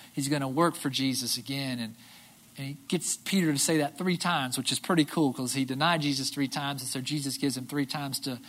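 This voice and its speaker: Brief: an easygoing, bright-toned preacher, animated storytelling with frequent "right?". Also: medium pitch. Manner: casual, animated retelling with acted-out quotes and filler "right?". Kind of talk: sermon.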